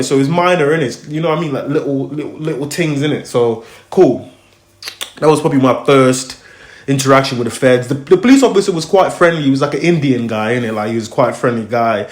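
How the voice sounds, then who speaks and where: A young male host, born in Congo, raised in America and now living in the UK, tells stories in casual chat at a slightly fast pace. His middle-pitched voice rambles animatedly, acting out voices and packed with slang fillers. The room is echoey.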